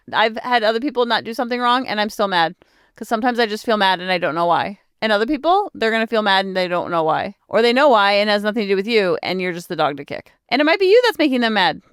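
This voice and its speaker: A woman's voice: a little high, smooth, no echo. Encouraging woman podcaster, dry close sound. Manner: warm, encouraging, chatty self-help tone. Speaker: parenting coach and podcast host. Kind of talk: casual solo podcast talk.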